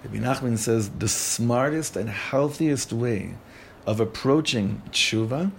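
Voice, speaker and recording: A man teaching a Torah class conversationally, an animated manner and lots of questions put to the group. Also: medium pitch, slight background noise. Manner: animated, asks the group questions, many restarts.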